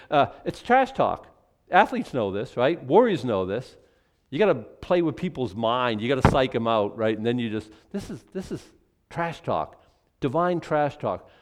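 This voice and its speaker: An older man preaching a sermon in a conversational, animated way, with asides and acted quotes. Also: medium pitch, moderate pace. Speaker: pastor.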